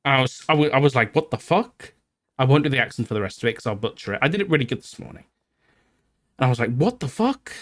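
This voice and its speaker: A man streaming, telling a story to his chat in a casual, animated way, swearing freely and laughing as he goes. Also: mid-range voice, racing.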